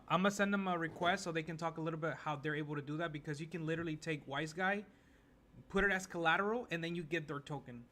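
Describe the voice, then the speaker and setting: A man co-hosting a live online audio chat, explaining projects in a relaxed way with fillers. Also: on the high side. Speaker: co-host.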